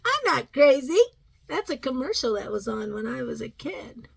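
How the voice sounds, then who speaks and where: A middle-aged woman rambles through a casual vlog. Her voice sits a little high and leaps up and down with lively swings. She drifts between topics and slips into cooing baby talk for her dog. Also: moderate pace, creaky, slightly rough, rough recording. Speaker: vlogger. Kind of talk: casual chat.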